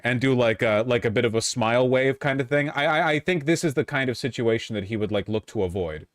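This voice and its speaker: A man's voice: mid-range voice, quick pace, hardly any pauses, no echo. Sarcastic streamer guy riffing on a clip, dry close mic, rambly. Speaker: streamer commentator. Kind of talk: casual reaction commentary.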